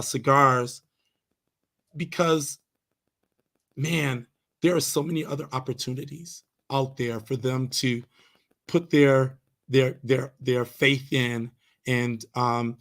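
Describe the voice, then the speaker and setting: A man's voice: mid-range voice, a bit bright. Guy on a podcast telling stories, earnest, lots of ums and restarts. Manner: earnest, hesitant with many fillers and restarts. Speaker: podcast guest, karate instructor. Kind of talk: casual storytelling interview.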